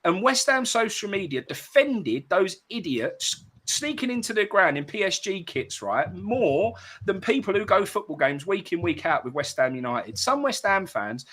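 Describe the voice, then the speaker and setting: A man's voice: sits high, sing-song, normal speed, hardly any pauses, a bit bright. A man giving a heated post-match reaction as a football fan, ranting bluntly and passionately.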